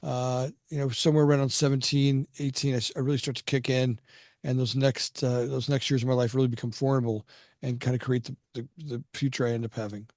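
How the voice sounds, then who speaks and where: A man's voice: medium pitch, little pitch movement, quick pace, darkish tone, dry recording, studio quality. A middle-aged man, a podcast guest, telling his life story in a casual, rambling way, often repeating words and acting out what other people said. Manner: rambling, repeats words, acts out quoted dialogue.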